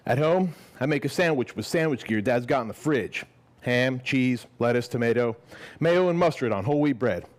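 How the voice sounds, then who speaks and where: Brief: man reads his own short story live, lively swooping delivery, loose and profane between passages. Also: medium pitch, normal speed. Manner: lively and expressive, casual and swearing when speaking off the page. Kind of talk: live reading of fiction, then casual explanation. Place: gallery event before a live audience.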